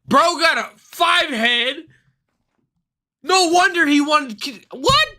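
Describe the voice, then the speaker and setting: A male streamer ranting casually on a livestream, profane and excitable, rambling from one thought to the next. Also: very high-pitched, takes it slowly, slight background noise.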